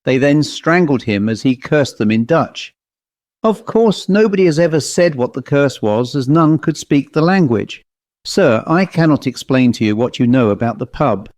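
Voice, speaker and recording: A man's voice: mid-range voice, animated, normal speed, a little mellow, no room sound, studio quality, close to an everyday voice. A man reading an audiobook, voicing a proud, rotund police constable in his thirties with a provincial English accent, polite and inquisitive. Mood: uneasy. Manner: polite, inquisitive, increasingly uneasy.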